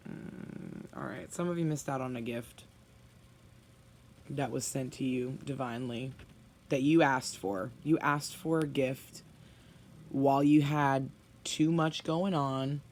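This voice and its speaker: Tarot reader, gravelly fry, blunt and emphatic, sighs often, faint hiss behind. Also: medium pitch, darkish tone. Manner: blunt, emphatic, sighing and sympathetic. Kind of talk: spoken tarot reading to viewers.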